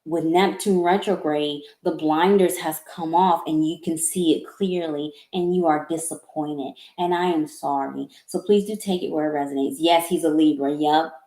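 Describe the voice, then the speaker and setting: A woman's voice: sits low, steady tone, moderate pace, hardly any pauses, dark tone. A woman giving a live-streamed tarot reading. She stammers and repeats words, and she sounds apologetic and emotional. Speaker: tarot reader. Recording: echoey room.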